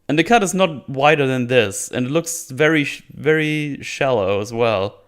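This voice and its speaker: A man's voice: mid-range voice, animated, normal speed, fairly bright tone, clean tone. A man giving casual spoken commentary as a reviewer, sarcastic and rambling, often breaking into laughter. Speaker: video reviewer.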